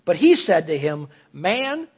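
Husky pastor preaching a sermon. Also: male voice, high voice, animated, moderate pace. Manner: earnest, questioning the congregation, emphatic rises. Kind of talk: sermon with scripture reading. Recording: dull lo-fi audio.

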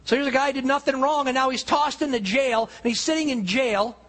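Husky high-voiced male preacher. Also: a little fast, fairly bright tone, poor audio. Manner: casual retelling with quoted voices, many restarts. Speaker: pastor. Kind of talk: sermon storytelling.

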